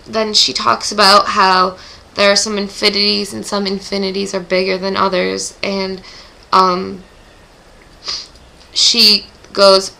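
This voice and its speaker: A teenage girl recaps a chapter on her book club vlog, emotional and gushing, with groaning sighs along the way. She speaks slowly and in a monotone at medium pitch, her bright, forward voice trailing into lots of vocal fry, and the recording quality is low.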